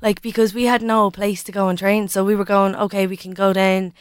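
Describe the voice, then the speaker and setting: A woman's voice: medium pitch, little pitch movement, a little fast, clear, resonant tone, no room sound. A woman being interviewed on radio about her dance crew, eager and effusive, with plenty of ums. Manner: eager and effusive, with many fillers.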